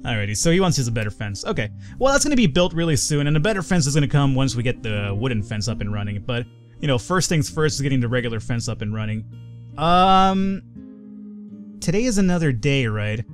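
A male gamer talks casually over a video game, rambling and swearing freely. His pitch swings widely from line to line. Quiet guitar music plays underneath. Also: sing-song, fairly quick. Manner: rambling, profane, off-the-cuff. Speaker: let's play gamer. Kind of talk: casual gameplay commentary.

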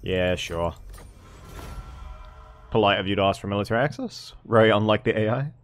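Over soft background music, a gameplay streamer talks at normal speed with a fairly low pitch. His casual let's-play commentary on a strategy game is full of thinking aloud and under-the-breath swearing.

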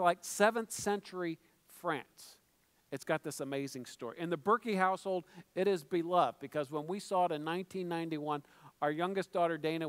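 A middle-aged man preaching a sermon as pastor, talking conversationally with joking asides and stumbled restarts. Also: sits high. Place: church sanctuary. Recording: reverberant church hall.

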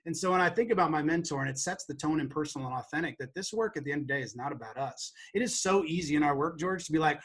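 A man's voice: on the high side, animated, racing, few pauses, fairly bright tone, breathy edge. A man telling an emotional story as a guest in an interview, earnest and acting out quotes from the past. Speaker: guest educator.

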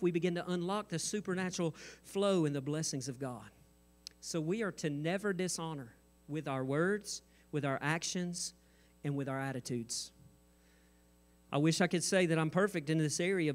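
A man pastor preaching a sermon on stage, mixing humor and asides with mounting intensity. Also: on the high side. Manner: jokes and asides, rising intensity. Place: church stage.

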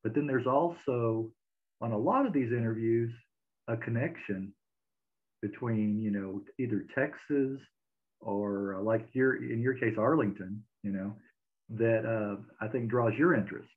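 A man hosting a casual interview who laughs along easily and gives short, relaxed replies. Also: fairly low pitch, measured pace. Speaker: podcast interviewer. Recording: tinny phone-like line.

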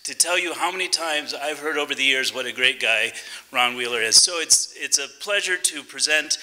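A man presenting an award, reading out a formal introduction at a steady pace with filler pauses. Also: mid-range voice, rough recording.

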